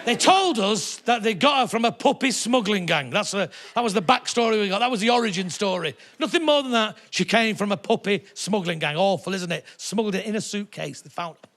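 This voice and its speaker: A man's voice: sits high, lively intonation, fairly quick, hardly any pauses, a faint crowd. A middle-aged man doing a brash, sweary stand-up routine, telling stories to a live theatre audience. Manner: brash, sweary storytelling with shouted put-on voices. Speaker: stand-up comedian.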